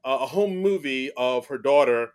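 A man's voice: mid-range voice, lively intonation, moderate pace. A man co-hosting a casual film review podcast, recapping the plot in a rambling way with many fillers. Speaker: podcast co-host.

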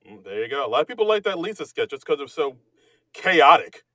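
A man's voice: fairly high pitch, very animated, fast talker, bright, forceful tone, dry recording. A man co-hosting a comedy podcast in casual chat, rambling and self-mocking with many restarts. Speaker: podcast co-host.

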